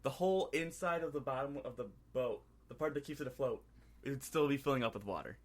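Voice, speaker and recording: A man co-hosting a casual movie review podcast, excitedly recapping scenes and slipping into quick impressions of the characters. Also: medium pitch. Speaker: podcast co-host.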